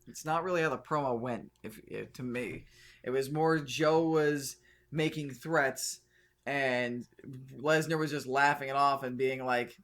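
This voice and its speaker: A man co-hosting a podcast in casual chat, talking fast and acting out quotes in an animated way. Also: mid-range voice. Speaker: podcast co-host.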